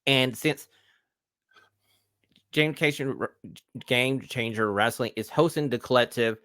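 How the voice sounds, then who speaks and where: A man's voice: mid-range voice, slow, a bit bright, no room sound. Enthusiastic male podcast host, dry sound. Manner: enthusiastic, plugging the show. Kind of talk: casual wrestling chat.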